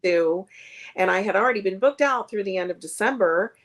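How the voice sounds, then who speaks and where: A woman's voice: mid-range voice, a little fast. A woman comedian chatting as a guest on a streamed video call, rambling with many fillers. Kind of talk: casual interview chat.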